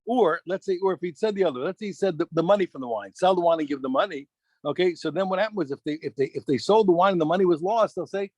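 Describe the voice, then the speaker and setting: A man teaching a daf yomi Talmud class, animated, restarting phrases and quizzing his students. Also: sits high, rapid-fire, no room sound.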